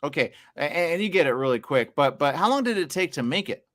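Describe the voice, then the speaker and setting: Fast-talking, stammering male interviewer. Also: fairly high pitch, expressive, fairly bright tone. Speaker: festival interviewer. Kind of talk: casual red-carpet interview.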